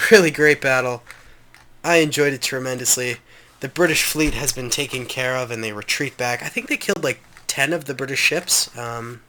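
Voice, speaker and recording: A man's voice: mid-range voice, pushed and bright. A man hosting a gaming channel, giving enthusiastic, rambling gameplay commentary with frequent ums.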